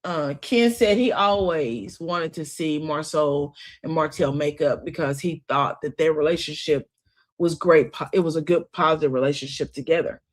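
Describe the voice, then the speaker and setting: A woman's voice: deep voice, normal speed. A woman recapping a reality TV episode in a casual, gossipy style, retelling scenes with sassy asides and frequent laughter. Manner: breaks into laughter often.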